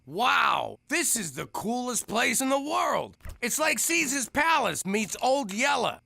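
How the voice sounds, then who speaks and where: A man voicing a hapless, self-pitying mobster in an animated series, talking in a brash, whiny way. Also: extremely high pitch, gravelly, full character voice. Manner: brash, whiny, fast-shifting. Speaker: lead character. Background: music.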